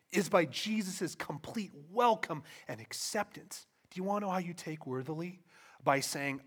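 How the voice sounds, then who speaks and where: Impassioned high-voiced male preacher. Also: sing-song, moderate pace, slightly rough. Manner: impassioned, swings from soft to loud emphasis; conversational asides and rhetorical questions. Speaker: pastor. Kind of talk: sermon. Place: church.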